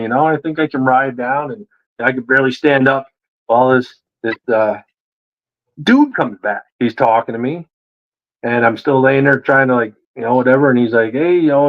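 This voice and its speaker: A man telling a story in a casual interview, animated and acting out the voices of the people he quotes. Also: mid-range voice, muffled recording. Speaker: guest.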